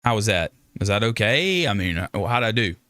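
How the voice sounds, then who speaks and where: Bright-toned joking livestream man. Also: on the low side, very animated, brisk, dry recording, studio quality. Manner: rambling, joking, self-interrupting. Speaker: livestream host. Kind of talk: casual livestream chat with viewers.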